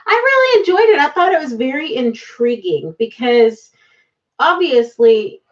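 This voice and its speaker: A woman co-hosting a casual movie podcast, chatty and animated with quick asides. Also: high-pitched. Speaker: podcast co-host. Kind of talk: casual chat reviewing movies. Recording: distant, dull-sounding mic.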